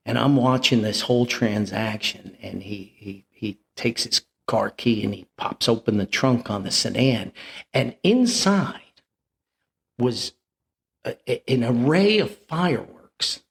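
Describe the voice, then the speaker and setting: An older man from New tells a rambling family anecdote, chuckling as he goes. His voice is gravelly and sits mid-range. He swings up and down with lively, animated pitch. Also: a little slow. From New Jersey. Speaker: podcast host and storyteller. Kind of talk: anecdotal storytelling.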